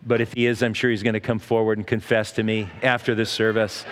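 A man's voice: on the low side, level tone, quick pace, slight background noise. Folksy preaching man in a reverberant hall. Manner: folksy, conversational preaching with restarts and asides. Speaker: pastor. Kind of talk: sermon.

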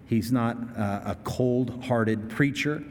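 A man preaches from the pulpit in a large church, his voice trailing into a long hall reverb. He explains scripture in a relaxed, chatty way, then breaks into vivid, dramatic bursts. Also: mid-range voice, slow. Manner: expository preaching, casual asides and dramatic outbursts. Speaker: pastor. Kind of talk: sermon.

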